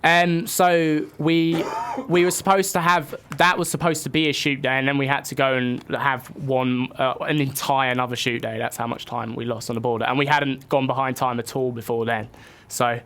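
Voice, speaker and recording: A man's voice: medium pitch, flat delivery, normal speed, a bit bright. A man telling a travel story on a casual radio chat, rambling and correcting himself as he goes. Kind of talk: casual chat, recounting a trip.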